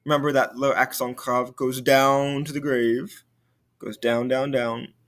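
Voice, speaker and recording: A man's voice: mid-range voice, level tone, unhurried, fairly bright tone. A male French teacher giving a recorded video lesson, explaining patiently and repeating key points.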